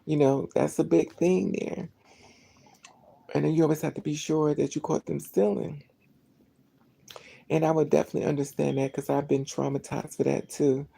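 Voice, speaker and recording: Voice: medium pitch, moderate pace, creaky, long pauses, slightly rough. A vlogger telling a personal story in a casual, rambling monologue, acting out the dialogue and often restarting sentences. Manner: rambling, animated, acts out dialogue, many restarts.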